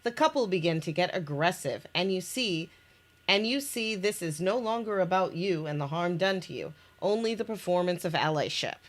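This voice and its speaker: In a casual chat about the interactive story game she designed, she reads its scenes aloud, restarting and laughing now and then. Her lowish voice is expressive and moves at a normal speed.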